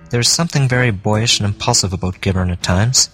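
A man reading a classic story aloud as an audiobook narrator, in a measured storytelling manner. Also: fairly low pitch, fairly bright tone, faint music behind. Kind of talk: scripted narration.

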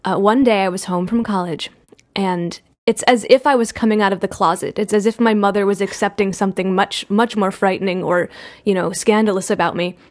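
A woman telling a story in casual podcast chat, animated when she quotes people. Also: medium pitch, fairly quick.

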